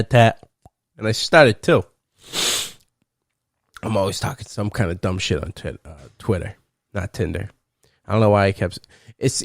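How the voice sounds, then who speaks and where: A young man hosting a solo podcast, rambling and cursing playfully, breaking into loud laughs. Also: fairly low pitch, dry recording, clean studio sound. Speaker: podcast host. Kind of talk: casual solo podcast rant.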